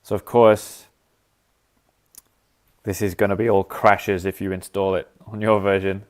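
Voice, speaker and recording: A man's voice: low voice, little pitch movement, measured pace. A man casually demonstrating a music app on a live stream, thinking aloud and scatting rhythms. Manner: thinks aloud while clicking, scats rhythms as "da da". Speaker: app developer demonstrating features.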